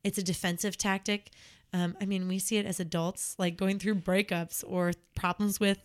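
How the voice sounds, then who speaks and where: A woman's voice: medium pitch, flat delivery, moderate pace. A young adult woman who works as a nanny, chatting casually and telling stories, acting out the voices she quotes. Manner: storytelling, acts out quoted voices. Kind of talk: casual chat.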